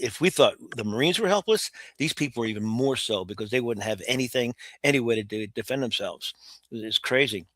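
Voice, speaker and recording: An older American man, a guest in a storytelling interview, tells war stories in a vivid, blunt, rambling way, often restarting his sentences. His voice is medium-pitched and fairly bright, and the recording is dry and close.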